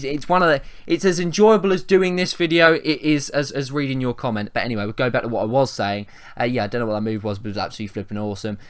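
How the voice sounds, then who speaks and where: A man's voice: medium pitch, a bit bright, smooth. An English man giving a rambling, chatty wrestling review, often restarting his sentences and swearing casually. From England.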